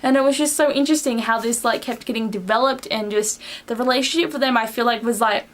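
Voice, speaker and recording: Gushing fast-talking young woman. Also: fairly high pitch. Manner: gushing, fast and breathless with many "like" fillers. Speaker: book reviewer. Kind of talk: casual vlog book review.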